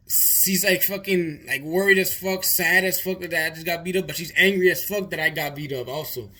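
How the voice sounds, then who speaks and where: This young man vlogs a long story in a loose, rambling way, heavy on swearing and repeated words. He speaks at a measured pace in a slightly high, bright, forceful voice.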